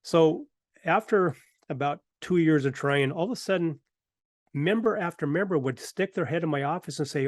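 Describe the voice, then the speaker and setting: A middle-aged man hosts a talk show and tells a workplace story in a relaxed, conversational way. He acts out the other people's lines as he goes. His voice sits a little high for a man, and the recording is close and dry. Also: moderate pace, no echo. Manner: animated anecdotes with acted-out quotes. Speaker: host. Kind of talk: casual storytelling.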